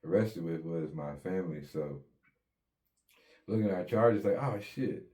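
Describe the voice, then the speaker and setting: A man's voice: deep voice, moderate pace, dark tone. A man casually telling his own story in an interview, in laid-back street slang with plenty of swearing, acting out what people said.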